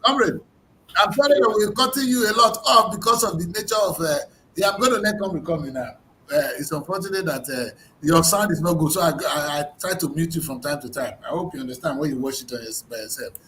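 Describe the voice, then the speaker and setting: A man hosting a newspaper review show, arguing in an animated, emphatic way full of rhetorical questions. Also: fairly high pitch, quick pace, a little hiss or hum. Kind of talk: heated studio discussion. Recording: roomy studio echo.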